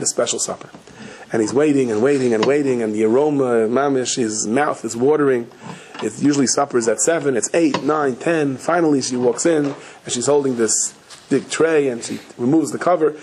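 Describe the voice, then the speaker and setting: A man giving a storytelling sermon as a rabbi, speaking. He acts out the quoted voices in his stories with lively pitch jumps and often restarts and corrects himself mid-sentence. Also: a little hiss or hum. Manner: frequent restarts and self-corrections. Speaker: rabbi giving a Torah talk.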